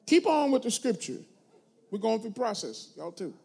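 A man preaching a sermon to his congregation, using call-and-response and moving between quiet asides and loud, emphatic points. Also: sits high, big pitch swings, moderate pace, gravelly, husky. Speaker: pastor.

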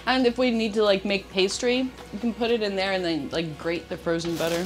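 A woman chats upbeat and casual on a cooking livestream, warmly thanking viewers by name. Her voice sits at an average pitch, with faint music running underneath. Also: fairly even intonation, a little fast. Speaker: cooking stream co-host. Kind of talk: casual chat while livestreaming.

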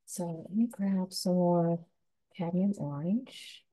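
Soft-spoken woman teaching painting. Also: lowish voice, rough recording. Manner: gentle, soothing, unhurried instruction. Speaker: painting instructor. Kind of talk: step-by-step painting tutorial.

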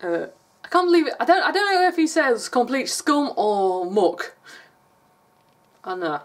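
A woman's voice: high voice, big pitch swings, moderate pace. A woman from England with an English accent, chatting casually in a rambling vlog and laughing often. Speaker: vlogger.

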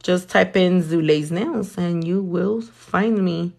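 A woman's voice: fairly low pitch, slow, vocal fry, a little mellow. A woman, chatting casually and cursing freely while livestreaming her nail work. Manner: sassy, swears a lot, mixes in Spanish.

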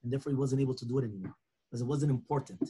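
A man's voice: medium pitch, very fast, husky. A man, a rabbi, teaching a lunchtime Torah class, telling stories and acting out the dialogue. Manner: animated storytelling, acting out dialogue.

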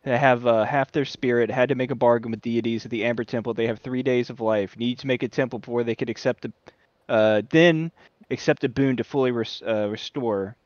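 A man's voice: medium pitch, fairly even intonation, fairly quick, hardly any pauses, no room sound, highs cut off. A man playing in a tabletop game, laughing, swearing and reading from his notes. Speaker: player. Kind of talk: casual chat at a tabletop game.

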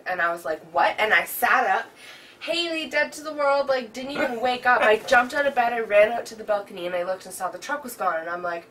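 A woman's voice: medium pitch, fairly quick, a bit bright. A young woman chats and chimes in while co-telling a story at home, a chatty and easygoing voice. She sits some distance from the mic, with a faint hum of background noise around her. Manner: chatty, laughing along, chiming in. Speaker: vlog co-host. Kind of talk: casual storytelling chat.

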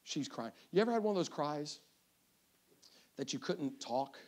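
With a voice on the high side and a normal pace, a middle-aged evangelist preaches by recounting a family story. He performs the characters' voices energetically, crying and shouting as he goes.

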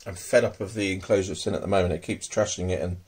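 This tarantula keeper has a low, darkish, slightly rough voice with fairly even intonation and a quick pace. Showing his spiders casually at home for a hobby video, he hesitates with lots of ums and murmurs affectionately to them.

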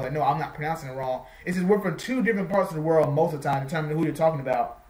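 A man's voice: a little high, rapid-fire, reverberant, rough recording. A man with an American accent hosting a casual reaction video, rambling and correcting himself as he goes. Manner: rambling, restarts and self-corrections. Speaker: host.

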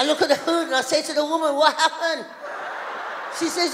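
A middle-aged woman performing a stand-up comedy routine, telling an animated story full of voiced characters. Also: sits high, a little fast, background noise. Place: town hall stage. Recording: live in a reverberant hall.

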